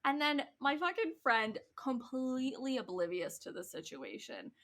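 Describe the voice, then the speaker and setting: A woman's voice: high voice, expressive, normal speed, fairly bright tone. A young woman co-hosting a podcast, telling a school story in casual chat, laughing often and acting out what people said. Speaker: podcast co-host.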